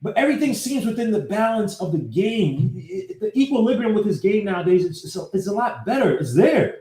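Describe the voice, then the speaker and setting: A man hosting a casual live-streamed sports podcast, breaking down game clips and greeting viewers by name in an animated way. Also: high-pitched, a little fast. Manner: talks while fumbling with his computer. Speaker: podcast host. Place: home setup, live streaming. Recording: echoey room.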